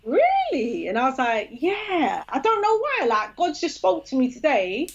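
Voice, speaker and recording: A woman's voice: high voice, moderate pace, lo-fi sound. A woman, a podcast guest telling a story in casual chat and acting out the quoted dialogue. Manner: lively, acts out quoted dialogue.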